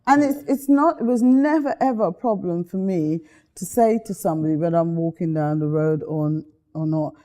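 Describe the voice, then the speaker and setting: This is a middle-aged woman from Guyana chatting as an interview guest. She tells her stories lively and acts out the voices she quotes. Her voice is mellow and sits a little low. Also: moderate pace. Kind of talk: casual interview chat.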